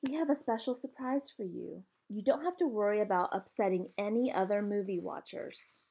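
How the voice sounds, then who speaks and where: A woman reading a novel aloud, voicing a gentle, casual mother of teenagers. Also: mid-range voice, moderate pace, breathy edge. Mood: coaxing. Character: breezy, gentle mom of a teen girl.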